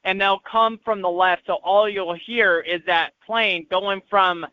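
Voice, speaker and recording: A man's voice: sits high, steady tone, a little slow. A man with a Southern US accent, co-hosting a casual podcast, explaining things insistently and at length. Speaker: podcast co-host. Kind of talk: casual banter. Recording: dull lo-fi sound.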